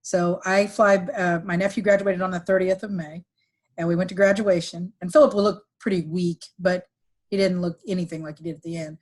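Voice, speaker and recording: Woman telling a family story, halting. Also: on the low side. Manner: halting, many restarts and fillers, quotes others in lively voices. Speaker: podcast guest, executive recruiter. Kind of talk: emotional personal storytelling.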